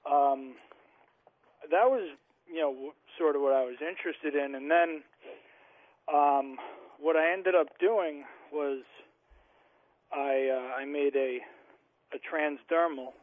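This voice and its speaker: A man being interviewed as a radio guest, halting and searching for words with many fillers. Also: on the high side. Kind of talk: interview on a call-in radio show. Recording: tinny phone line.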